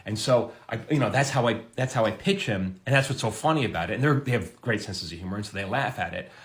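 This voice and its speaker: A middle-aged man, a TV comedy writer, answering a viewer's question in a casual, lively way, with his pitch jumping up for emphasis. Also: quick pace. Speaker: TV comedy writer giving advice.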